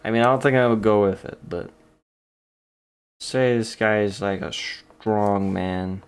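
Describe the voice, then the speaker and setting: A man's voice: fairly low pitch, steady tone, measured pace, smooth. A man chatting playfully to himself while he draws, giggling often. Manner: giggly, playful self-talk. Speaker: online artist. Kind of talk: casual talk while drawing.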